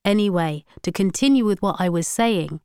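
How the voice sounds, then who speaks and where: A solemn, soft-spoken teenage activist boy, as a woman narrator puts him on, earnest and proud. Her reading stays smooth and crisp with a dry close sound, like a storybook. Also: mid-range voice, moderate pace, dry recording, lightly acted.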